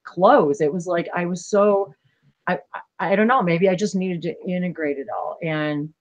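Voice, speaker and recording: A woman hosting a spiritual livestream, talking casually in an earnest, emotional way, rambling with many halting restarts. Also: lowish voice, muffled recording.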